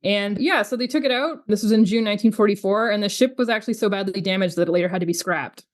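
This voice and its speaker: A woman's voice: medium pitch, fast. Chatty woman co-hosting a film podcast. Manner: chatty, recaps the plot with history asides. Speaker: podcast co-host. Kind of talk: casual film review chat.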